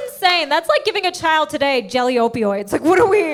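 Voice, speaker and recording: A woman's voice: sits high, very animated, a little fast, hardly any pauses, noisy background. A woman in her thirties from the United States, telling sarcastic, punchy stand-up stories on stage. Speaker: stand-up comedian. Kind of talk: stand-up comedy set.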